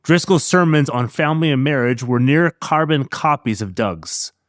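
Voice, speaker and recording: A man host narrating a scripted podcast episode in a measured, pointed way. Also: medium pitch, no room sound, clean studio sound.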